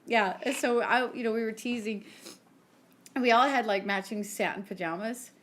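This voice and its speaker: A woman's voice: on the high side, moderate pace, a bit bright. A woman in her forties co-hosting a podcast, telling stories in a chatty way with lots of "like" and acted-out quotes. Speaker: podcast co-host. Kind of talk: casual chat.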